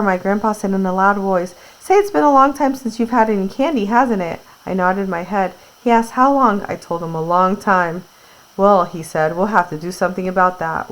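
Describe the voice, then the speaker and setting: A woman teacher with a fairly low voice reads a book aloud to her class, then retells it in casual, plain words full of fillers. The recording quality is poor.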